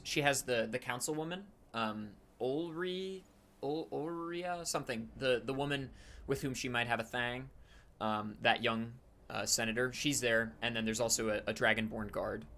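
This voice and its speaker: Casual, halting male game master. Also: medium pitch, sharp tone. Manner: casual, halting, many fillers. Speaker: dungeon master. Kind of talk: narrating a tabletop game.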